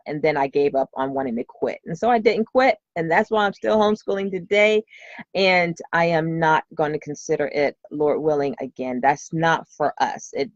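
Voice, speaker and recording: A woman's voice: low-pitched, no echo, highs cut off. A woman hosting a podcast, talking in an earnest, heartfelt way and searching for words with many fillers. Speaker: podcast host and homeschooling mother. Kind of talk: unscripted podcast monologue.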